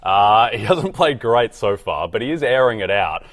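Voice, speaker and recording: A young adult man with an Australian accent, co-hosting a casual sports podcast in a dry, measured way. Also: on the low side, very animated, a bit bright. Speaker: co-host.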